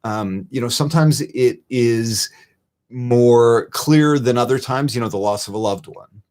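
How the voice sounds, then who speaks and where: A man's voice: mid-range voice, measured pace, darkish tone. A middle-aged man hosting a live-streamed advice talk, speaking earnestly and conversationally and repeating his key phrases. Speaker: show host.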